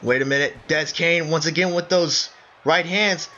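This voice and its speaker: Excitable high-voiced wrestling commentator man. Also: moderate pace. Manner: excitable, keeps breaking into shouts of surprise; addresses listeners as folks. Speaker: play-by-play commentator. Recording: dull lo-fi recording with faint noise.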